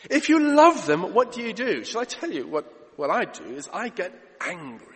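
A man preaching a sermon, emphatic, moving between loud urgent lines and hushed ones. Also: high-pitched, big pitch swings, normal speed. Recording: reverberant hall.

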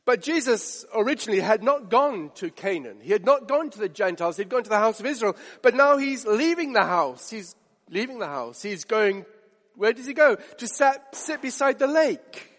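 A man's voice: high voice, lively intonation, normal speed, a bit bright. A man preaching a sermon, emphatic, building his point with repetition and rhetorical questions. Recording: long reverb of a hall.

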